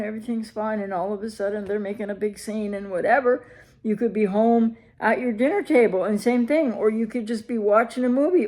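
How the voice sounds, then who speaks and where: A recovery coach with a slightly high, slightly mellow voice speaks directly to her viewers on camera, offering advice emphatically and filling her talk with rhetorical questions.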